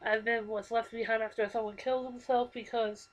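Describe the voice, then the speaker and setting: A woman in her twenties speaking to her camera in a halting, earnest, emotional way, telling a personal story. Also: fairly high pitch, level tone, low-quality recording. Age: 20s. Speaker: vlogger. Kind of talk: confessional personal talk to camera. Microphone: computer microphone.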